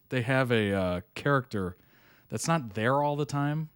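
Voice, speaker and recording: A man's voice: medium pitch, expressive, measured pace, smooth, no echo, studio quality. A middle-aged man hosting a reaction video, chatting in an easygoing way and laughing often. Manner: reads article text aloud plainly. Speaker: reaction channel host. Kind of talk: casual reaction commentary.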